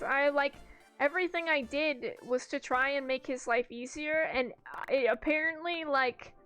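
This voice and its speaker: A young woman with a high, bright-sitting voice chats casually while gaming. She rambles through anecdotes, swears freely and laughs often. Quiet background music runs beneath her talk. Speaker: streamer. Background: faint background music.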